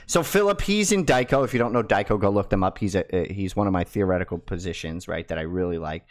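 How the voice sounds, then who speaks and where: A man hosting a casual crypto video, excitable and swearing, his voice jumping high and loud when he gets hyped. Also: fast talker. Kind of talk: casual talk to camera.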